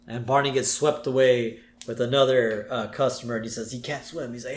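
A man's voice: medium pitch, fairly even intonation, normal speed, hardly any pauses. A man co-hosting a podcast, chatting animatedly and laughing often as he recaps an episode. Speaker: podcast co-host. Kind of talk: casual episode recap chat. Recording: roomy echo.

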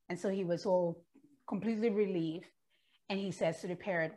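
A woman's voice: on the low side, brisk, a little mellow. A woman hosting an online show, talking in an upbeat, enthusiastic way and laughing often. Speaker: show host. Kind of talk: casual chat.

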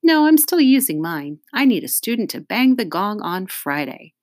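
A woman voicing a pompous, vain male school principal with a booming, self-important manner. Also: sing-song, normal speed, dry recording, studio quality, natural voice.

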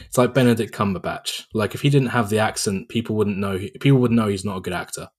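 A man's voice: on the low side, fairly quick. A British man chatting as a podcast guest late at night, tired and laughing often with wry asides. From Britain. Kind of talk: casual podcast chat.

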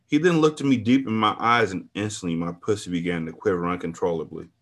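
A man's voice: deep voice, a little fast, hardly any pauses. A man hosting a podcast, reading a novel aloud and commenting in a casual, profane, laid-back way.

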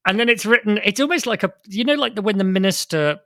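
A man with a fairly high, bright voice co-hosts a casual podcast, reading quotes out loud with open mockery and frequent laughter. His voice sits close and dry on the mic. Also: expressive, fast, no echo. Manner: mocking, laughs often while reading quotes aloud. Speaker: podcast co-host.

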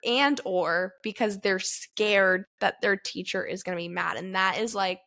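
A woman in her twenties co-hosting a podcast, talking casually with lots of "like" and lively retellings. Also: medium pitch, unhurried, vocal fry. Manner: chatty, heavy use of "like", animated retellings. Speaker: podcast co-host. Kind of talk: casual chat.

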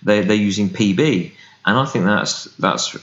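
A man with a fairly low voice speaks at an unhurried pace as an interview guest, a business founder chatting casually. He tells stories with animation, acting out the voices of people who spoke to him. The remote recording sounds roomy and dull.

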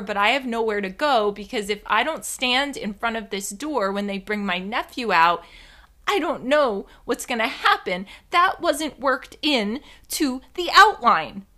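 A young woman telling a personal story in a casual, animated, self-mocking way, swearing freely as she goes. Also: mid-range voice.

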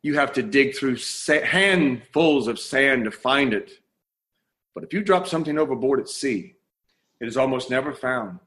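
A man's voice: medium pitch, fairly bright tone. A man preaching a sermon, telling a parable and then praying, with earnest, dramatic pacing and emphatic repetition. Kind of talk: sermon storytelling.

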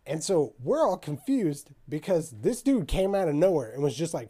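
At normal speed and with a fairly high, slightly rough voice, a young man shares a rambling, profane story in casual conversation. He animatedly plays out the other people's lines.

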